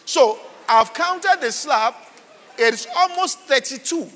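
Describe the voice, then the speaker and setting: A man voicing a forceful divine figure in a dream who speaks loudly and emphatically, heard with a long hall reverb. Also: very high voice, expressive, slow, exaggerated voice. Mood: revealing.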